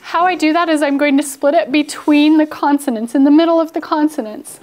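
A woman teaching a phonics lesson to a class, playfully dramatic and coaxing, with sighs and hushed asides. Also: sits high, fairly quick, few pauses.

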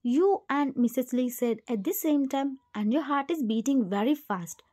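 Female storybook narrator, high and mellow, steady plain delivery. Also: moderate pace. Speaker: fan fiction narrator. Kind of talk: scripted second-person story narration.

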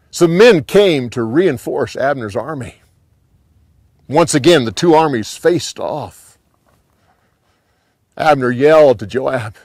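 A man telling a Bible story dramatically, rising with the action and dropping low at the ends of scenes. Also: no room sound, clean studio sound. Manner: animated, dropping to hushed endings.

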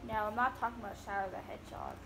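A woman's voice: mid-range voice, wildly swooping pitch, rapid-fire, background noise. A woman giving a rambling, giggly home-tour vlog, recorded on her phone indoors. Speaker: vlogger.

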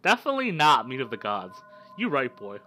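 A man with a cold, casually commenting on a game he plays, swearing and breaking into loud frustrated outbursts. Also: mid-range voice, huge pitch swings, brisk, a little hiss or hum. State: sick with a cold, coughing. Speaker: gaming streamer. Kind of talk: casual let's-play commentary.

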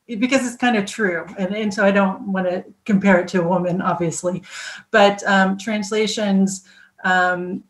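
A woman who works as a translator, speaking as a podcast guest in a hesitant way with many ums and restarts. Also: medium pitch. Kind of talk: casual podcast conversation. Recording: roomy echo.

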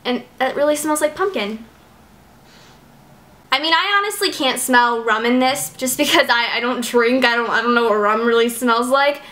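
A young woman gushes through a casual unboxing at home, piling on "like" and "oh my gosh" as she goes. Her voice sits high and sounds bright and lively, with a chatty, excitable manner. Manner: gushing, excitable, lots of "like" and "oh my gosh". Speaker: beauty vlogger.

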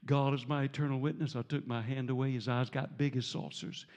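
A man preaching a storytelling sermon as a visiting preacher, animated and jovial, breaking into laughter and shouts. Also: mid-range voice, a little fast. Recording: reverberant church sanctuary.

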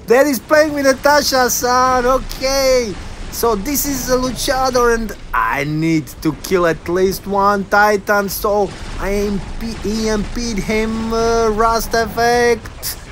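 A man giving excited commentary on his own online game at home, laughing often and talking to his viewers. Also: high voice, takes it slowly, a little hiss or hum. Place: at home, son in the room.

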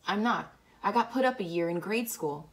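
A woman's voice: medium pitch, expressive, moderate pace, natural voice. A woman reading the lines of a shy, earnest young teenage boy.

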